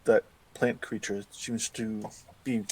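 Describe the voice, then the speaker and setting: A man's voice: fairly low pitch, little pitch movement, takes it slowly, a little mellow, a little hiss or hum. A man playing a tabletop game, speaking in a formal, diplomatic way when in character. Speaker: player.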